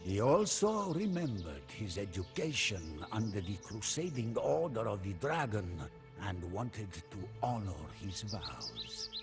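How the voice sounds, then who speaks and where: A man narrating a game cutscene as a commander recounting a journey, in a measured storytelling manner. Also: lowish voice, big pitch swings, exaggerated voice. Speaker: campaign narrator. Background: orchestral music.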